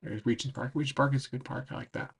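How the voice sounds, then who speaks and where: A man rambles through a casual travel recap as a streamer, his voice slipping away as he talks. The tone is rough and breathy, with a gravelly catch at the bottom. He leans on "like" and "um" throughout. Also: medium pitch, steady tone, fast. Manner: rambling, full of "like" and "um". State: losing his voice. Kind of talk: casual recap while browsing a map.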